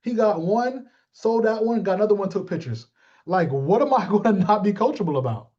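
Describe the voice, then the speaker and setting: In a dull, lo-fi recording, a man with a high voice coaches his sales team through a loose pep talk. He is blunt and full of jokes, naming listeners and playing out rapid exchanges, with lively intonation and a slightly mellow tone.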